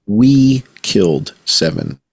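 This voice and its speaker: Male podcast guest, husky and gravelly, lively storyteller with casual swearing. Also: fairly low pitch, slow pace. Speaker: guest journalist. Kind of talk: podcast conversation.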